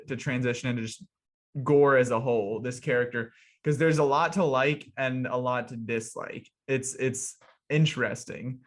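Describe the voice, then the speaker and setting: A man co-hosting a casual film talk with a voice of middling pitch. He speaks conversationally, jumping in with side notes and quick anecdotes. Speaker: co-host, film reviewer. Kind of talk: casual chat.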